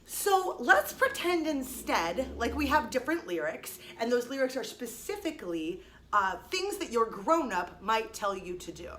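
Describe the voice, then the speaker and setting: A woman's voice: a little high, big pitch swings, measured pace, sharp tone, slight background noise. A young woman teaching a music lesson to children, explaining each step in an encouraging way. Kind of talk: online music lesson for kids.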